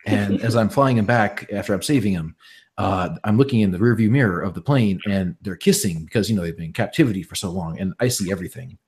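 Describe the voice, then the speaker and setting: A man's voice: fairly low pitch, quick pace, darkish tone, natural voice. A man doing an impression of a pompous older male actor, who brags about his own lewd script ideas. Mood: pompous, boastful. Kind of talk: impression within casual chat.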